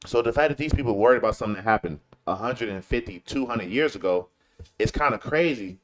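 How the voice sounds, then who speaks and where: A man's voice: lowish voice, animated, fast. A man from Chicago talking in a casual, slangy commentary style, repeating points for emphasis. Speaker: commentary show host. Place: lives in Texas.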